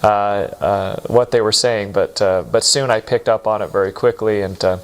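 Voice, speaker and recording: Low-voiced man telling a halting story. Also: fairly even intonation, clear, resonant tone. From United States. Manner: halting, many fillers and restarts. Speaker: interviewee recalling mission abroad. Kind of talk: recorded interview storytelling.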